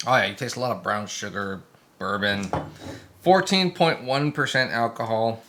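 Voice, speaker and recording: A man co-hosting a casual live stream, animated, laughing easily and describing the taste of a beer. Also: fairly low pitch, moderate pace, background noise. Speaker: co-host.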